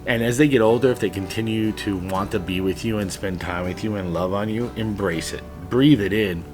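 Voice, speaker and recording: Earnest deep-voiced dad in his thirties. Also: fairly quick, over music. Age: 30s. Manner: earnest, emotional, with blunt swearing. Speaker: father vlogger. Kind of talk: heartfelt personal monologue.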